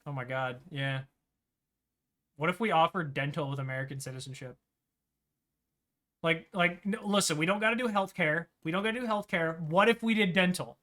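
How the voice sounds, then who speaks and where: A man hosting a tabletop game stream, ranting loudly and swearing in casual talk. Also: fairly high pitch, moderate pace, pauses often. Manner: ranting, profane, rambling. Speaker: game master and stream host. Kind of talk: loud casual stream chat.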